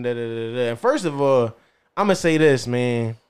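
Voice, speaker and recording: A Philadelphia podcast host tells a story in a casual studio chat, rambling and circling back with "you know what I'm saying." His medium-pitched voice is smooth and expressive, at a normal pace.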